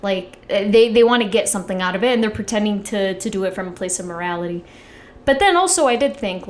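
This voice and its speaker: A woman's voice: medium pitch, animated, fast talker. A young woman giving casual, rambling commentary with strong opinions, often filling with "like". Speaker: commentary YouTuber.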